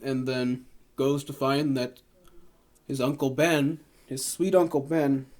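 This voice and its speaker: A man's voice: mid-range voice, flat delivery, takes it slowly, a little mellow. A man co-hosting a casual podcast, retelling a movie plot and acting out scenes in goofy voices. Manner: rambling, acts out movie scenes in silly put-on voices. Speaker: podcast co-host. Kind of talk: casual movie recap chat.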